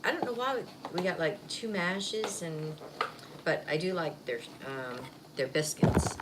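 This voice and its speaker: A woman's voice: on the low side, a little slow. A woman vlogger chatting casually while eating on camera, rambling and laughing easily. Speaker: mukbang vlogger. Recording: faint background noise.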